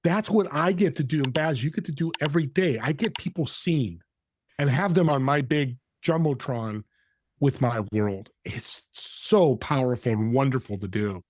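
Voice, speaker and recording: A man guest on a podcast, telling a story in an animated way and acting out the dialogue. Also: mid-range voice, moderate pace, a little hiss or hum. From California.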